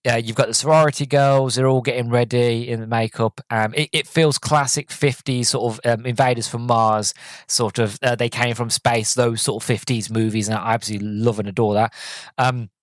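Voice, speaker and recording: A man's voice: medium pitch, steady tone, a little fast, no echo. A man hosting a podcast, casually and enthusiastically recapping a film with lots of fillers. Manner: rambling, enthusiastic, many fillers. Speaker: podcast host. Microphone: podcast mic.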